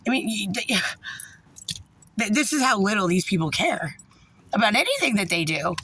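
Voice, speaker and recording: An angry woman rants straight to camera, swearing freely. Her voice is raspy and gravelly, with a bright, sharp edge. A faint hiss of noise sits under the recording. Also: a little high, big pitch swings. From New Jersey. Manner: angry, profane, fast when passionate. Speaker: parent venting about a social services agency. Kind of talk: profane ranting vlog.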